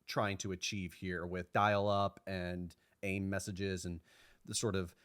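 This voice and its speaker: Low-voiced man chatting on a podcast. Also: flat delivery, a little slow, fairly bright tone, smooth, no echo, studio quality. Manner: rambling, hedging with fillers and restarts. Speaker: podcast co-host. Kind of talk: casual chat.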